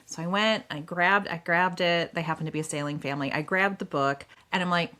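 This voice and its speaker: A woman around fifty co-hosting a book podcast, telling stories in a lively, chatty way and acting out her own quotes. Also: on the low side, fairly quick, hardly any pauses. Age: about 50. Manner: animated storyteller, acts out quotes. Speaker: podcast co-host. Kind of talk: casual book chat.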